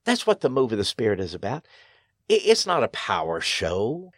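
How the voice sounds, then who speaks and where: A man's voice: on the low side, huge pitch swings, moderate pace, dry recording, studio quality. A man, a pastor, telling stories in an interview in an earnest, emphatic way, his voice rising sharply on key phrases. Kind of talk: storytelling interview.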